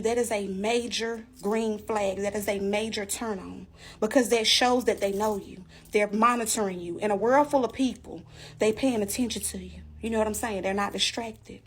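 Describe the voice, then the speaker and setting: Woman storyteller, fairly high voice, emphatic and animated, addresses the audience directly. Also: breathy edge. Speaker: storyteller giving a testimony. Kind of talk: casual storytelling to viewers.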